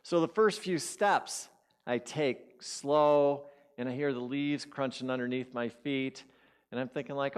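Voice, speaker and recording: A man's voice: mid-range voice, a little slow, clean tone. A man giving a sermon as a guest speaker, telling a personal story and acting out his inner voices. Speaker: guest speaker at a spiritual community.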